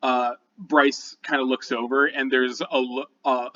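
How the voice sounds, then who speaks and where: A man narrating a tabletop game as dungeon master, casual and halting, with lots of fillers. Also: medium pitch, steady tone, pushed and bright, lo-fi sound.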